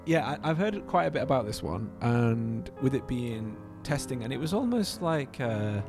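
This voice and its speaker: A young man chatting on a podcast, loose and animated, dropping swear words and searching for names mid-sentence. Music plays clearly beneath his voice the whole time. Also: mid-range voice, moderate pace. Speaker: podcast co-host. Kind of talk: casual chat.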